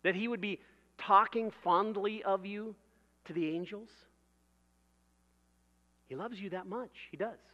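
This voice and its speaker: A man's voice: high voice, measured pace, pauses often, sharp tone, long reverb tail, lo-fi sound. A man preaching a sermon in a conversational way, building vivid everyday illustrations and laughing at his own jokes.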